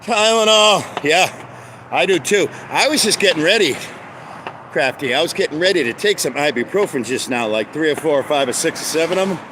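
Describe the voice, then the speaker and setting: A man hosting a rambling live stream outdoors by a road, joking, greeting viewers by name and breaking into bits of song. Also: on the high side. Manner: chatty, jokey, greets viewers by name, sings snatches of songs. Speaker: livestream host. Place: outdoors by a road with passing traffic. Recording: outdoor phone recording with clear traffic noise. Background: street and car noise.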